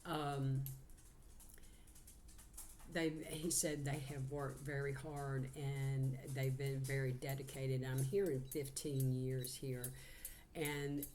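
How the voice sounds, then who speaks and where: A woman's voice: a bass voice, flat delivery, slow pace, darkish tone. A woman, giving a heartfelt channeled psychic reading. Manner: heartfelt, earnest, relays messages.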